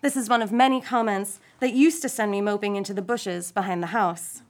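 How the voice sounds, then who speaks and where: A woman reading a first-person short story aloud, with an expressive, playful delivery and wry asides. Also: mid-range voice, brisk. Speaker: story reader.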